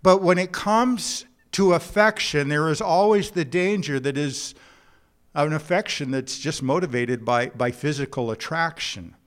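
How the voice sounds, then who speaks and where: Man, sermon, earnest, halting, measured pace, slightly higher voice. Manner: earnest preaching with told jokes and a drawn-out, halting delivery. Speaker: pastor.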